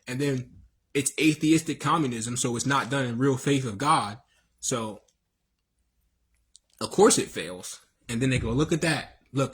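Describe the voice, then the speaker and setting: A man's voice: mid-range voice, husky. A man hosting a livestream, preaching in a rambling, slangy way with many fillers and restarts. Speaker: livestream host. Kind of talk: casual livestream monologue.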